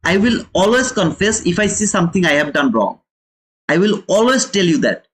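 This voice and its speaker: A man's voice: sits high, animated, moderate pace. A man hosting a live trading lesson, lecturing viewers emphatically and repeating phrases for stress. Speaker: trading educator and channel host.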